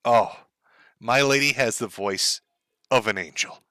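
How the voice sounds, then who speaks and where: A man's voice: medium pitch, a little slow, bright, forceful tone, dry recording. A man streaming live, giving profane, mocking commentary over clips.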